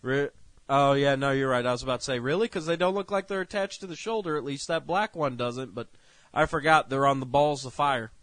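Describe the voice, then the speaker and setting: A man co-hosting a casual review chat, swearing a lot and bursting into loud rants. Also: medium pitch, steady tone, a little fast, hardly any pauses, no echo. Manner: profane, ranting, loud outbursts. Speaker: co-host.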